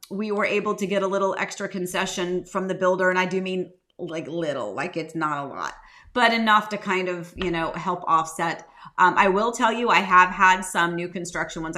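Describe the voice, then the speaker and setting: A woman realtor hosting a casual live-stream chat, rambling warmly and greeting viewers by name. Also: medium pitch. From United States. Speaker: realtor and live show host.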